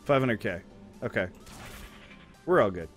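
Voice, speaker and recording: A man's voice: on the low side, lively intonation, a little slow, faint music behind. A young man streaming a game, chatting casually in a crude, rambling way and swearing a lot. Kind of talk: casual gaming chat.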